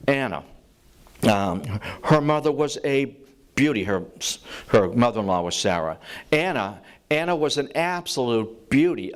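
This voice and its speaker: Telling his life story in a chatty lecture, a mid-range-voiced man often restarts, sprinkles in "you know," and performs the voices of people he quotes.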